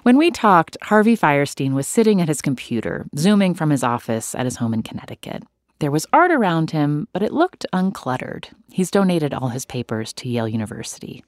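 Lively low-voiced woman interviewer. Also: brisk, dry recording, clean studio sound. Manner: curious, lively questioning. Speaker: interviewer, radio host. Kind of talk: interview and scripted narration.

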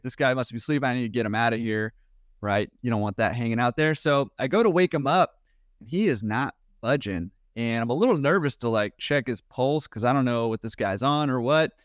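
A man who owns a laundromat, guest on a podcast, telling a story with energy and a quick pace. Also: mid-range voice, dry recording, studio quality. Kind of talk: storytelling anecdote in a podcast interview.

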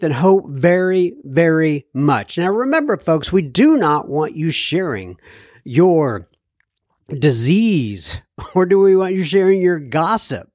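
A man's voice: high-pitched, darkish tone, dry recording, studio quality. Chatty laughing male podcast host. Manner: chatty, laughs often, plays with a put-on French accent. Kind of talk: casual podcast talk and listener mail reading.

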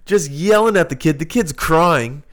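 A man hosting a podcast in casual chat, often laughing and acting out other people's lines in animated voices. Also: fairly high pitch, normal speed. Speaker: podcast host.

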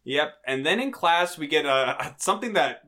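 A man co-hosting a podcast, casually recapping a movie plot with quick asides. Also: a little high, expressive, pushed and bright. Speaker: podcast co-host.

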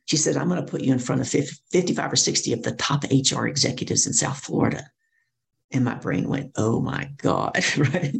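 Gravelly animated woman telling stories. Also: extremely low pitch, fast. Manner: animated storyteller acting out quoted voices. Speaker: guest speaker and coach. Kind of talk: storytelling interview.

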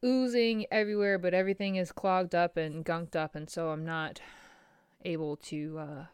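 A woman's voice: on the low side, steady tone, moderate pace, clean tone, dry recording, studio quality. A middle-aged woman speaking candidly and emotionally in a personal vlog, rambling with fillers and laughs. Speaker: small business owner.

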